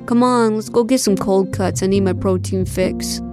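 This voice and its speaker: A woman voicing a cheerful, unflappable male contestant in an audiobook, who fakes loud, theatrical moaning. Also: mid-range voice, moderate pace, over music, close to an everyday voice. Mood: relaxed. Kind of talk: audiobook character voice.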